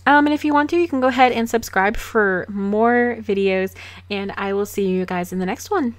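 A woman narrates her game in casual, chatty commentary, breaking into giggles and dry sarcastic asides. Her voice sits at an ordinary mid pitch for a woman. It is a close desk-microphone recording from a home setup. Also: normal speed, no room sound. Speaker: let's play host.

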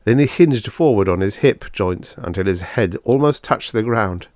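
A man narrating a vintage science fiction audiobook in an expressive storytelling read. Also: lowish voice, normal speed, dry recording, clean studio sound. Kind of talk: scripted narration.

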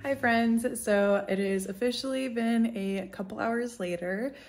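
Chatty young woman with a gravelly edge. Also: mid-range voice, measured pace, a little mellow. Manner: chatty, upbeat, with fillers and small laughs. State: out of breath. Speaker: vlogger. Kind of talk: casual vlog narration. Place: home apartment.

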